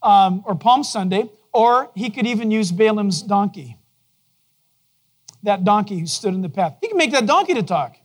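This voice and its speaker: A man preaching a sermon to his congregation in a conversational way, asking them questions and dropping to a soft, low voice for gentle moments. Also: expressive, normal speed. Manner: drops to a soft, low voice to quote God gently. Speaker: pastor. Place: church.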